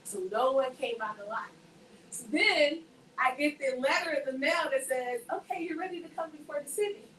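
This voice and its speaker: Speaking to a group, a woman gives her faith testimony, animatedly acting out each person in her story. Her slightly high voice is bright and forceful at a moderate pace, caught from some distance off-mic in an echoey room with faint hiss.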